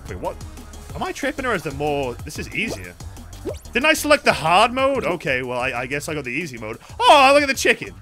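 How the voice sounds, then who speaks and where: Excitable British guy streaming games. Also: a little high, a little fast, soft background music. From Britain. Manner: profane, excitable, yells at other players. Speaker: game streamer. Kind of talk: casual live gaming commentary.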